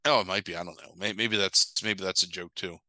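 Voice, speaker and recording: This podcast co-host, a man with a deep voice, goes over a film plot a little fast in casual, rambling, profane chat, animatedly acting out characters' voices. The audio has no echo but is low quality.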